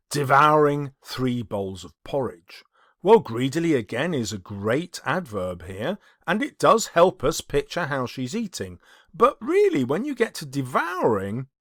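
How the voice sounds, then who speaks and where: Lively, expressive male English teacher. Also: medium pitch, no room sound, clean studio sound. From England. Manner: lively, expressive, reads examples with dramatic emphasis. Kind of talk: video lesson on writing.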